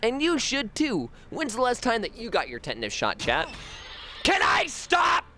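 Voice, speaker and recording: A high-voiced man rambles through a livestream of a horror game, cracking jokes and swearing freely. His bright, sharp voice swings wildly up and down as he talks, over a faint hiss. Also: huge pitch swings, brisk. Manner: rambling, jokey, swears freely, breaks into chanting. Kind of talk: casual gameplay commentary.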